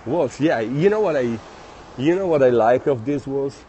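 A man with an Italian accent, chatting casually in a live stream while walking outdoors through city streets. He reads viewer comments aloud and speaks in a friendly, halting way. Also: mid-range voice, animated, warm tone, a little hiss or hum. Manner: friendly, chatty, halting non-native phrasing.

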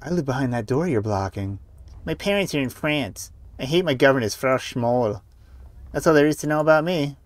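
A man's voice: mid-range voice, animated, normal speed, lightly acted. A man voicing a lonely, earnest nine-year-old girl who speaks primly.

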